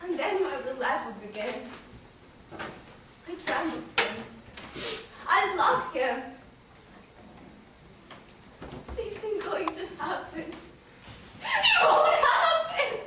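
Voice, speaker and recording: A woman's voice: very high voice, big pitch swings, takes it slowly, pauses often, full character voice. A teenage girl acting a despairing young woman in a school play, often laughing hysterically through her lines. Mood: subdued longing. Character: despairing young woman near twenty-four, restless. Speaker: student actor. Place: school theater stage. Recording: echoey stage, far mic, faint noise.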